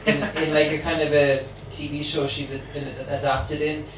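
A man's voice: fairly high pitch, level tone, moderate pace. A man hosting a live reading event, talking in a loose, chatty way with many fillers. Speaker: event host and reader. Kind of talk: casual live introduction. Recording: roomy, distant mic, faint ambient noise.

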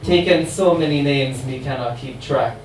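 A man's voice: medium pitch, moderate pace, soft background music, close to an everyday voice. A man reading a poem in the voice of a sassy, weary, immortal female voodoo queen, with a wry monologue delivery. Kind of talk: dramatic poetry reading. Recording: roomy, distant mic, faint ambient noise.

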